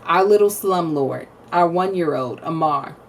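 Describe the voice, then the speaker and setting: Lively woman telling family stories. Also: on the low side, unhurried, far from the mic, slight background noise. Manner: animated storytelling, acts out quotes, laughs often. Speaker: podcast co-host. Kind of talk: casual chat.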